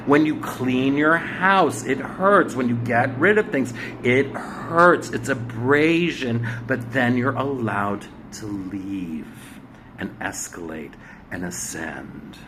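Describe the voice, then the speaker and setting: A man hosting a spiritual astrology talk, giving blunt, preachy exhortations with swearing, swinging from loud urging to hushed asides. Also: medium pitch, slight background noise. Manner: commanding exhortations. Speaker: spiritual astrology show host. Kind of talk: emphatic motivational monologue.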